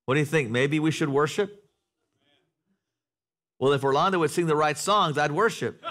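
A man preaching a sermon to a congregation in a church, talking conversationally, asking the room questions and building to loud, animated passages. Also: a little high, normal speed. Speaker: pastor. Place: church sanctuary before a congregation.

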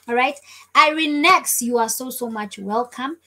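Woman, live-stream host, casual chat, fairly high voice, effusive and chatty. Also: a little fast, sharp tone, rough recording. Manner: chatty, effusive, repeats thanks to viewers. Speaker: livestream host.

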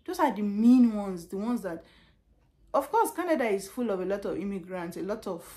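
A young Nigerian woman with a Nigerian accent tells stories from her customer service job in a relaxed vlog. She talks animatedly and repeats phrases for emphasis. Her pitch sits in an ordinary middle range for a woman. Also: moderate pace. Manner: animated storytelling with laughs and repetitions. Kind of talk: casual vlog chat.

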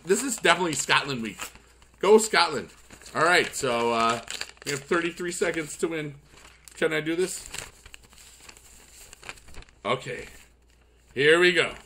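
Bright, excitable man reading fan mail. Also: fairly high pitch, slight background noise. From upstate New York. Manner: excitable, swings into loud shouting cheers. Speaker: YouTube gaming channel host. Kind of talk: casual chat while playing and reading fan mail.

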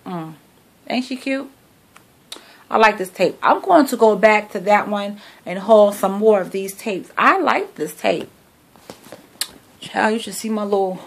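With a medium pitch and vocal fry, a middle-aged woman talks to camera about what she bought on a shopping haul. It's a casual, chatty, sassy phone recording at home, and she addresses viewers as if they were friends.

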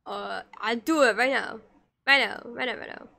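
A woman's voice: a little high, normal speed, creaky, sharp tone. A woman streamer chatting casually with her viewers while she draws, giggly and playful as she teases her chat.

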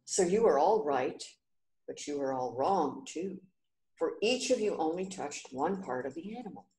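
A woman voicing a wise young prince who speaks gently and patiently in a storybook reading. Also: low voice, lively intonation, normal speed, reverberant. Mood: gentle.

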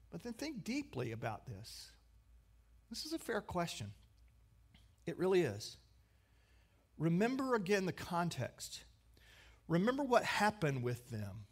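Man preaching a sermon, kinda high voice, goes loud then real hushed. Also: very animated, unhurried, long pauses, breathy edge. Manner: dynamic preaching, swinging from emphatic to hushed. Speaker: pastor.

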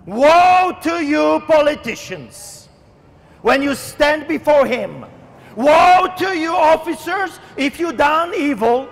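High, fervent shouting street preacher man. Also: lively intonation, takes it slowly, creaky, big-room sound. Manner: fervent, declamatory, often shouting. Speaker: street pastor. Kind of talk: open-air street sermon. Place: outdoors in the wind.

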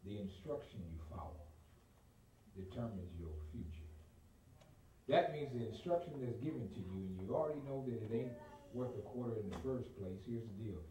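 A man's voice: on the low side, expressive, moderate pace, dark tone. A man preaching a live sermon, emphatic and repetitive, speaking straight to his congregation. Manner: emphatic, repeats himself, talks directly to the congregation. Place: church. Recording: roomy, far from the mic, noisy live stream.

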